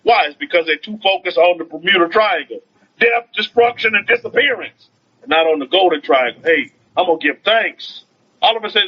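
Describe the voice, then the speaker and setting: A man's voice: high-pitched, expressive, a little fast, breathy edge. A man, a rabbi, giving an informal online teaching to his followers. He talks in a preachy way, repeats his phrases, asks rhetorical questions and reads out viewer comments. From United States. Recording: dull lo-fi stream audio.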